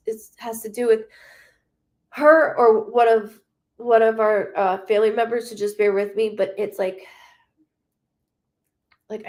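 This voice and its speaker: A woman giving a psychic reading on a live stream. She talks in a halting, rambling way, with many restarts, and she is emotional and blunt, swearing freely. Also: a little high, darkish tone. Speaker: psychic medium.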